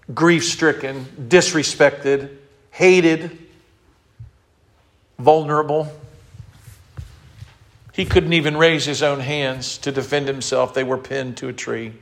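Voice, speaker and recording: A male pastor preaching in a voice of ordinary pitch. He reads scripture slowly and leads call-and-response with his listeners. His delivery carries emotion throughout. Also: fairly bright tone. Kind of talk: sermon.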